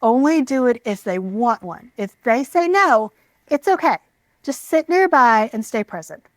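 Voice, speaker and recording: A woman with a slightly high voice gives parenting advice in a calm, measured, reassuring way. She is recorded close to the mic in a dry room. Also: no echo. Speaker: parenting educator.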